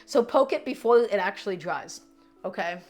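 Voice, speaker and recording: A woman's voice: medium pitch, lively intonation, normal speed, over music. A woman hosting a live cooking stream, chatting casually with viewers and repeating her instructions as she works.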